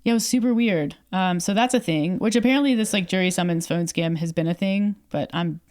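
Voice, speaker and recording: This Canadian podcast co-host, a young adult woman, chats casually through a story, voicing the quoted lines herself and leaning on fillers. She speaks briskly, with a voice on the low side and a little mellow.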